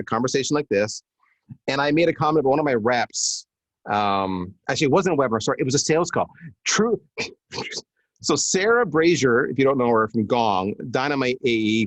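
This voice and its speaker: A man's voice: mid-range voice, dry recording. A man chatting as a guest on a webinar, telling a story and acting out what people said. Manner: animated storyteller acting out quotes. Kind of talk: casual webinar conversation.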